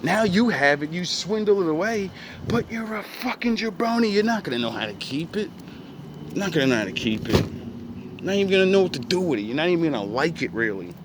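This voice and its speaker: A man speaks in a loose, rambling monologue, his voice sitting slightly high. He talks in profane street slang, with faint background noise behind him. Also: big pitch swings, fairly quick. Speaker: vlogger. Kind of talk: casual reflective monologue.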